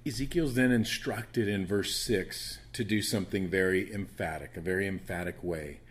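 A man's voice: low-pitched, moderate pace. A man with a soothing voice teaching a Bible study, rambling with frequent restarts and fillers.

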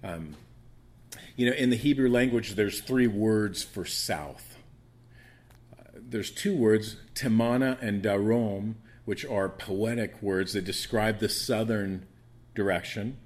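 A man's voice: lowish voice, slow pace. A man with a soothing voice teaching a Bible study, rambling with frequent restarts and fillers.

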